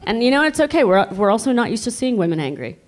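A woman's voice: a little high, very animated, quick pace. A woman speaking on a panel discussion, blunt and fiery, swearing freely when she gets angry. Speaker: actress and panelist.

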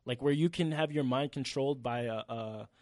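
A young man co-hosting a podcast, talking in an animated, slangy way and swearing freely. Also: medium pitch, normal speed, no room sound. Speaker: podcast co-host. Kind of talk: casual chat.

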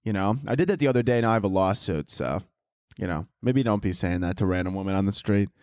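A man's voice: sits low, quick pace, a little mellow, no room sound. Male podcast host, crude and rambling, restarts his sentences, dry close mic. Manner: rambling, self-interrupting, crude jokes. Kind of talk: crude comedic rambling monologue. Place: home, downstairs by a Christmas tree.

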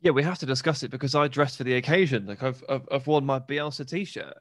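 Man, enthusiastic teasing co-host, casual chat, middle pitch, dry close mic. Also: fast, fairly bright tone, no room sound. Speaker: podcast co-host. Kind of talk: casual football podcast chat.

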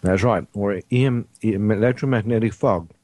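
A man hosting a casual radio health talk show from a studio, halting often with ums and uhs. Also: on the low side, a little mellow, no room sound.

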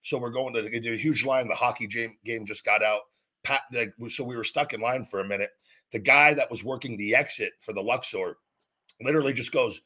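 A man's voice: medium pitch, a little fast, sharp tone, slightly rough. A man hosting a casual podcast, talking in a rambling, heated and profane way. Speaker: podcast host.

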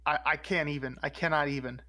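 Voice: mid-range voice, fairly even intonation, fast, sharp tone. A co-host in casual chat, stammering in mock outrage and confusion. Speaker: podcast co-host.

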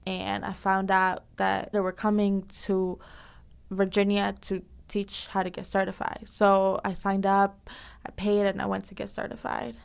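Woman, fitness instructor, gravelly vocal fry, chatty and lively, laughs a lot. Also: medium pitch, unhurried. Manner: lively, laughs often, many fillers. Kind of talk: casual interview answers.

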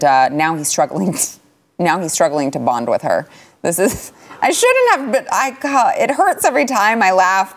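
Low-voiced woman hosting a talk show. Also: a little mellow. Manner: sarcastic, wry. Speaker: host. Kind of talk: casual panel commentary.

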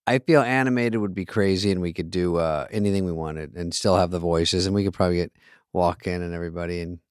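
Male co-host, relaxed and easygoing, close dry mic. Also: low voice, fast talker, smooth, no echo. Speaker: podcast co-host. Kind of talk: casual chat.

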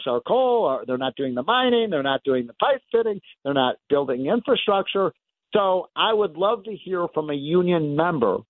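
A man hosting a talk radio show as an economist, speaking in an animated, emphatic monologue and coughing now and then. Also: a little high, no room sound. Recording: dry, phone-like narrow band.

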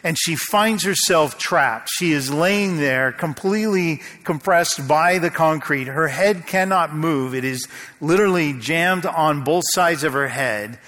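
Storytelling male pastor in a reverberant hall. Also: fairly high pitch. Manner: storytelling, slows and drops to a hush at tense moments. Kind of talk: sermon.

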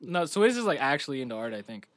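A man's voice: medium pitch, very animated, fast, fairly bright tone, no room sound, clean studio sound. A man co-hosting a podcast in casual chat, joking loosely with plenty of fillers and swearing, a little out of breath. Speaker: podcast co-host.

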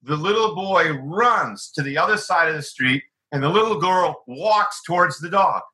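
Male author guest; keen, piercing voice on the higher side; lively anecdotes. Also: moderate pace, poor audio. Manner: animated, acts out quoted voices. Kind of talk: conversational storytelling.

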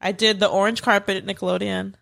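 A young woman co-hosting a podcast in casual chat, playful and expressive, with casual swearing. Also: mid-range voice, fast, vocal fry. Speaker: podcast co-host. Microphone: podcast studio mic.

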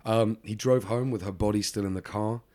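A man's voice: fairly low pitch, fairly even intonation, a little fast, mellow. A man co-hosting a podcast, telling a true-crime story casually with lots of ums and side remarks. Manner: rambling, lots of ums, laughs along. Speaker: podcast co-host.

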